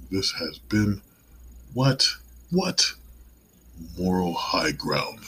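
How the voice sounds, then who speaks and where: A man's voice: sits low, a bit bright, a little hiss or hum, poor audio. A man hosting his own show, giving a casual, digressive and mildly profane motivational monologue. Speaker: podcast host.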